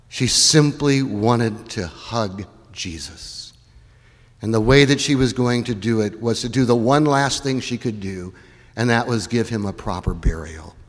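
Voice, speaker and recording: Man, pastor, sermon, dramatic, hushed to loud, bright forceful voice, long church reverb. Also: mid-range voice.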